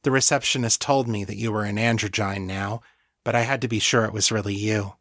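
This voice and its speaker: A man voicing a pregnant teenage psychic girl who speaks gravely, quietly and flatly. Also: lowish voice, a little fast, no room sound, clean studio sound.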